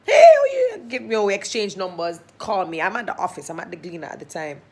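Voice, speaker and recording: A young woman with a Jamaican accent, hosting and telling a personal story in a casual, animated way, acting out her thoughts and other people's lines. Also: on the low side, fast talker. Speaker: host.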